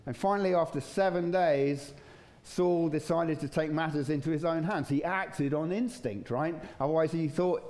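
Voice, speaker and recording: Conversational pastor, mellow voice. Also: male voice, a little high, normal speed. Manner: conversational, chuckling, acts out voices in stories. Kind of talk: sermon. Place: church.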